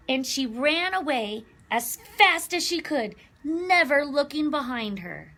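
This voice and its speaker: Woman children's librarian, slow, bright storytime reader, expressive. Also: sits high. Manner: animated, expressive, asks children questions. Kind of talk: reading a picture book aloud to children.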